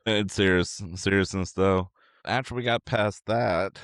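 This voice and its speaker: A man's voice: sits low, steady tone, measured pace, a bit bright, recorded from a distance. A middle-aged man co-hosting a podcast, telling rambling, sarcastic stories in casual chat. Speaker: podcast co-host.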